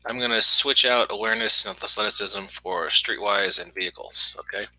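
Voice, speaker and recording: A man playing in a tabletop game, chatting casually and thinking aloud with hesitant pauses. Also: on the low side, bright, forceful tone, dry recording, poor audio. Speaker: player. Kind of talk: casual tabletop podcast chat.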